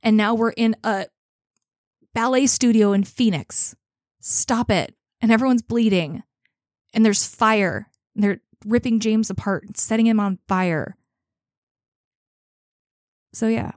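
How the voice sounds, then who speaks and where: A woman's voice: on the high side, takes it slowly, long pauses, no room sound, studio quality. A woman co-hosting a podcast, chatting playfully and with animation about a novel. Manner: playful and animated, often laughing. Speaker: podcast co-host. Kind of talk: casual book-club chat.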